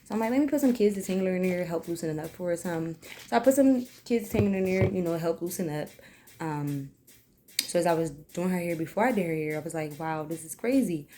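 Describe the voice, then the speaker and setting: A woman's voice: on the low side, quick pace, background noise. A young woman chatting casually through a hair tutorial, rambling with lots of fillers. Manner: rambling, filler-heavy, earnest. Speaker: hair vlogger.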